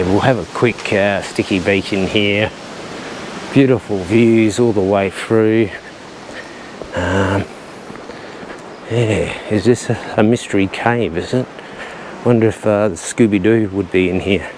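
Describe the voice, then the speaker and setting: Rambling man with a low voice. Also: a little slow, pauses often, a little mellow, rough recording. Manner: chatty and rambling, with frequent "uh" and a light joking tone. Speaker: vlogger. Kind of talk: casual walking vlog narration. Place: outdoors on coastal cliff trails and caves. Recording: outdoor recording with clear ambient noise.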